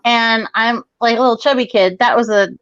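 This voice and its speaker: A woman in her forties with a fairly high voice tells a rambling, profane story. The sound is dull and lo-fi, close and dry. She talks casually and animatedly over a video call. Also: steady tone, fairly quick, fairly bright tone, clean tone, no echo. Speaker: guest comedian.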